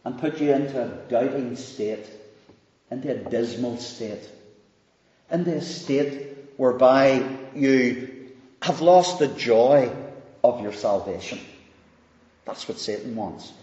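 A man preaching a sermon, slow and emphatic, swinging from loud rises down to hushed, quiet lines. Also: mid-range voice. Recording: dull, echoey hall recording.

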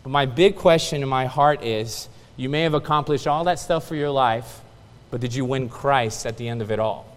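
A man preaching a sermon to a congregation, telling stories with rising excitement and then dropping to a soft, quiet emphasis. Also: medium pitch, moderate pace, long reverb tail.

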